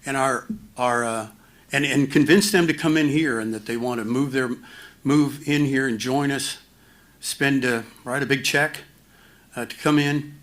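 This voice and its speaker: Man presenting at a town hall, mid-pitched voice, halting delivery, dry humor. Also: steady tone, fairly bright tone. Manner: halting, many fillers and restarts; dry self-mocking humor. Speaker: finance officer at a town hall.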